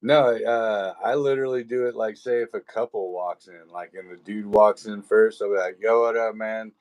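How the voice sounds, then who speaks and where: A man's voice: on the low side, steady tone, moderate pace, darkish tone. A man guesting on a livestream, telling laid-back stories, laughing and mimicking voices. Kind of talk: casual chat.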